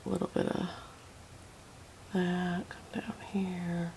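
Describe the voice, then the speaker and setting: A woman with a lowish, gravelly voice teaches a watercolor tutorial at a slow pace, softly talking to herself as she paints and often dropping to a whisper. She is relaxed and fond of little asides. Slight background noise can be heard.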